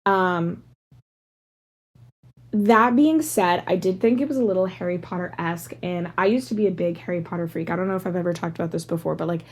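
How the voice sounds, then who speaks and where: Podcast host, woman in her thirties, low-leaning voice, rambling, tangent-prone, filler-heavy casual chat. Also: a little fast, slightly rough. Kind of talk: casual solo podcast monologue.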